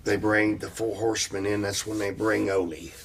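A man's voice: on the low side, little pitch movement, moderate pace, a little hiss or hum. A man telling rambling, profane stories as a guest in an interview. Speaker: interview guest, former tag team wrestler. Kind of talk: casual storytelling interview.

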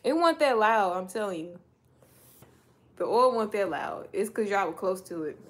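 This vlogger's medium-pitched voice has lively intonation and a normal speed as she chats with viewers while cooking at home late at night. The phone-camera recording picks up loud frying noise, plus sizzling oil and a running tap in the background.

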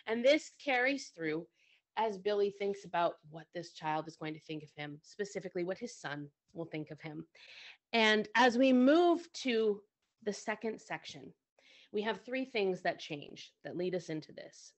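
A woman's voice: mid-range voice, expressive, normal speed. A woman co-host teaching music at the piano, talking conversationally and often checking in with her listeners.

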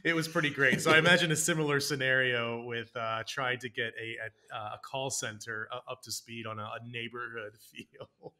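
A man's voice: medium pitch, steady tone, moderate pace, hardly any pauses, bright, forceful tone. A man hosting a podcast, asking questions in a playful, joking way and laughing a lot. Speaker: podcast host. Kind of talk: conversational podcast interview.

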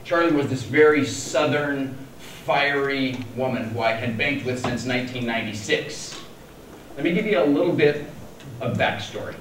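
A Denver, Colorado man in his forties tells a humorous keynote story at a large conference, wry and self-deprecating. His mid-range, a bit bright voice moves at normal speed, picked up by a distant mic in an echoey hall with faint noise.

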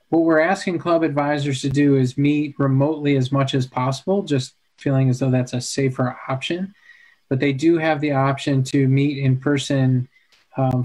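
A man's voice: mid-range voice, darkish tone. A man, a school administrator and a dad, hosting a virtual town hall and answering parents' questions in a sympathetic, thinking-aloud way over a video call.

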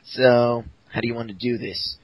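A man's voice: mid-range voice, fairly even intonation, normal speed, dry recording, rough recording. A man hosting and narrating a casual comic read-through over a call, giggling and swearing casually.

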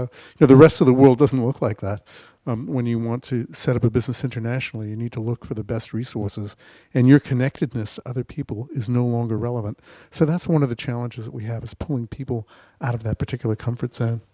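Male investor panelist, festival stage, animated talker who acts out quotes. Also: medium pitch, quick pace, hardly any pauses. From United States. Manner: animated storytelling, acting out mock quotes. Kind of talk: panel discussion.

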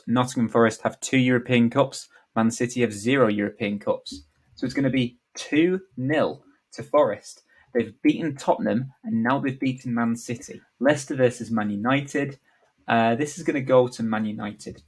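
A man at an ordinary middle pitch talking alone through his predictions. He is offhand and joking, and fills the gaps with "um" and "uh" as he goes. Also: slightly rough, poor audio. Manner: offhand, joking, many fillers. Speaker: vlogger. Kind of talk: casual predictions commentary.

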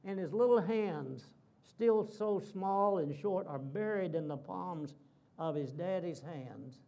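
A man with a high-pitched speaking voice delivers a sermon in a church. He tells a long story with dramatic pacing and circles back to the same vivid phrases again and again. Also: slow, creaky, warm tone. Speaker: guest preacher.

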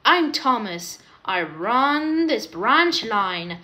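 A woman's voice: on the high side, very animated, drawn-out words, pushed and bright, full character voice. A woman voicing a proud, cross little male tank engine who huffs and puffs. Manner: cross, huffing and puffing.

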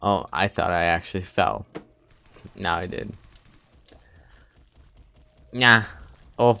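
A man giving let's play commentary, muttering and humming to himself as he plays, with sudden loud excited outbursts. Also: on the low side, takes it slowly, creaky, pauses often, background noise. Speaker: gaming video host.

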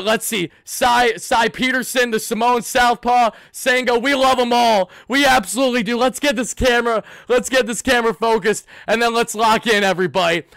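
A man hosting an emotional postgame livestream, shouting with excitement and fighting back tears. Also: very high-pitched, normal speed, creaky, hardly any pauses, no echo. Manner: excitable, shouting, swings between yelling and hushed emotion. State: close to tears. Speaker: sports fan livestream host.

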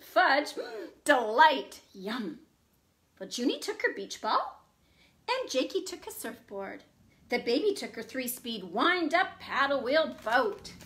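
Librarian lady doing storytime, high voice, slow and sing-songy, gasping and making sound effects. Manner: animated and expressive, with gasps and sound effects. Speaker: children's librarian. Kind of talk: children's storytime read-aloud. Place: at home.

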